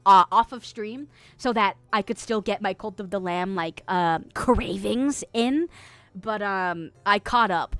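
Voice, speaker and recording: A woman's voice: mid-range voice, measured pace, a bit bright, no echo. A young woman streamer, chatting casually and reading out viewer messages, laughing often and trailing off with fillers.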